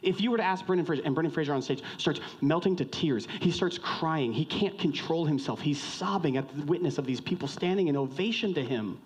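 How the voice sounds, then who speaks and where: A man preaching a sermon in a conversational, joking way, swinging from loud outbursts to hushed lines and questioning the congregation directly. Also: a little high, expressive, fairly quick, hardly any pauses, husky. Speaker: pastor.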